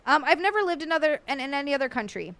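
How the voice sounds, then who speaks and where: A woman's voice: high-pitched, animated, very fast, fairly bright tone. An American woman livestreaming, chatting casually and rambling, reading out viewer messages and swearing now and then. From United States. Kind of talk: casual live-stream chat.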